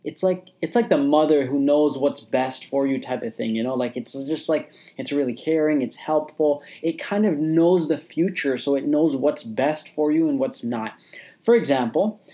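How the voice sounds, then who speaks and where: A man's voice: a little high, normal speed, dark tone. Casual motivational podcast host, a man. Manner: casual, repetitive, many fillers and restarts.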